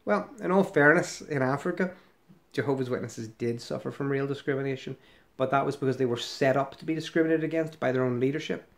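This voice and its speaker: A man's voice: mid-range voice, fast talker, vocal fry. Middle-aged man, mid-range voice, loose sarcastic vlog commentary full of asides. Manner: sarcastic, rambling with fillers. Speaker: ex-member commentator. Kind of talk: casual commentary on a website.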